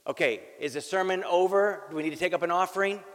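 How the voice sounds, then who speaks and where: A gruff, dismissive dying old man, as a male pastor puts him on during a sermon. He speaks bluntly and sarcastically in a raised voice. The words ring through a large hall with a long reverb. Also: sits high, quick pace, a bit bright, voice pushed up. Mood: sarcastic.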